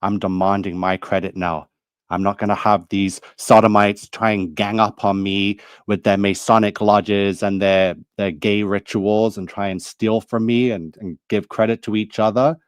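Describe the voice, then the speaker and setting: A man speaks in a low voice, heated and accusing, going over the same points again and again. The recording is dry and close, with no room sound at all. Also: flat delivery, normal speed, clean tone, no echo. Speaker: video creator. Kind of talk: angry monologue to camera.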